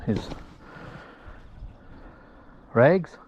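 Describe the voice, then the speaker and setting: A man's voice: very slow, highs cut off, a little hiss or hum. A man chatting casually outdoors as he works ferrets and dogs on a hillside, calling out to the animals. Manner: chatty, talks to his dogs and ferrets, shouts calls. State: sweaty from climbing hills. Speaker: ferreter filming his hunt.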